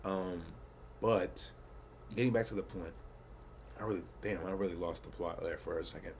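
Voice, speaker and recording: A man's voice: low voice, moderate pace, creaky, a little mellow, slight background noise. A young man rambling casually to camera, laid-back, swearing often and laughing at himself. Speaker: vlogger. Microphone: camera mic.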